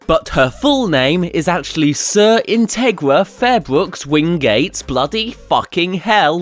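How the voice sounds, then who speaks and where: A British man delivering a scripted comedy review of an anime in a sarcastic, profane, ranting manner. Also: a little high. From Britain.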